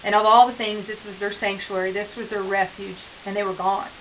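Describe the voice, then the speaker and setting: A woman rancher in an interview, telling her story in an earnest, halting way with many restarts. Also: mid-range voice, little pitch movement. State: tearful at times. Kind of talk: personal testimony interview. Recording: dull hissy recording.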